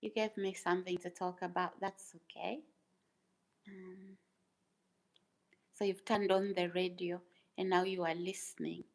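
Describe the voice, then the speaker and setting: A woman's voice: fairly low pitch, little pitch movement, measured pace, gravelly, long pauses, poor audio. A woman hosting her own livestream, speaking casually and emphatically to her chat, repeating phrases and asking rhetorical questions. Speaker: YouTuber livestream host.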